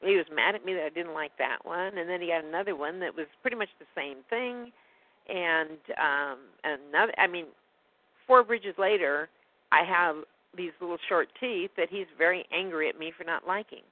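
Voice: medium pitch, moderate pace, no echo. A guest telling a personal story in a rambling, indignant way during a casual phone conversation. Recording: tinny phone line, dry.

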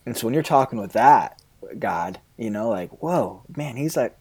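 A man, a pastor, answering interview questions in an earnest, halting way, often quoting his own prayers. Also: medium pitch, expressive, a little mellow, husky.

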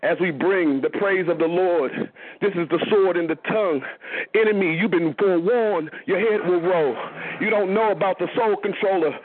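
A man with a slightly high, husky voice talks in laid-back street slang and rides a rhythmic verse. He comes through thin and tinny, like a phone call. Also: moderate pace. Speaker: cypher participant. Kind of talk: casual chat and freestyle verse.

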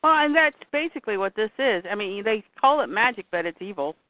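A woman's voice: medium pitch, dry recording. Woman chatting about comics, acts out the lines, dry tinny phone-ish sound. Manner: animated, acts out characters' lines in quick voices. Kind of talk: casual chat retelling a comic.

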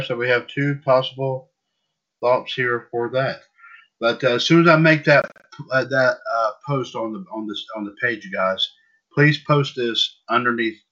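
A man's voice: mid-range voice, normal speed, sharp tone. A man hosting a casual wrestling news podcast, rambling and repeating himself. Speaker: podcast host. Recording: dull lo-fi audio.

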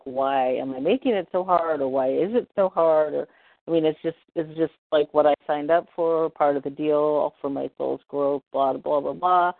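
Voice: medium pitch, creaky, dry recording. Questioning caller on a tinny line. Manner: searching, questioning. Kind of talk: casual chat. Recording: phone-like dry line.

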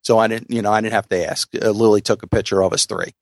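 A man's voice: lowish voice, steady tone, quick pace, creaky, no room sound, clean studio sound. Middle-aged Philly man telling rambling stories. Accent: Philadelphia. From South Philadelphia. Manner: rambling storyteller, many restarts and fillers. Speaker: podcast co-host. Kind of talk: casual podcast chat.

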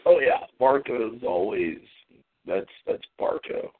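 A man's voice: mid-range voice, wildly swooping pitch, slow, breathy edge, no room sound. Ranting man on a tinny phone line. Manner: profane, ranting. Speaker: podcast host. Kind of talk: casual chat.

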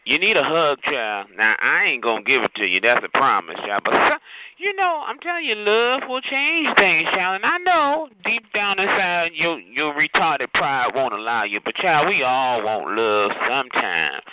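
Over a tinny, hissy phone line, a man hosting a chat line roasts a caller in a sassy, campy way, taunting him and calling him child and honey. His fairly high voice is very animated, and he talks at a normal speed.

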